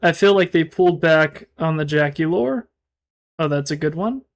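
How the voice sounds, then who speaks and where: Male streamer, casual live chat, slightly higher voice, mumbly and rambling, lots of restarts. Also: moderate pace. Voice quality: mumbled, self-described monotone.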